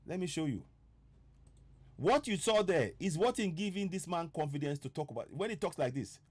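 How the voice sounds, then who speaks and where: Guy ranting urgently on his online broadcast, bit high voice, keeps asking are we ready. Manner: urgent, repeats rhetorical questions. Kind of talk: impassioned political broadcast.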